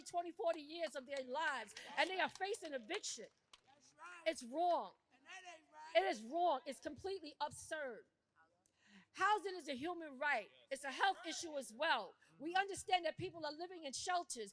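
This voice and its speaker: A woman speaking at a rally as an activist, indignant and forceful, rising to shouts, with a casual turn of phrase. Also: high voice. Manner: casual speech with "y'all" and "I'ma". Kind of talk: impassioned rally speech.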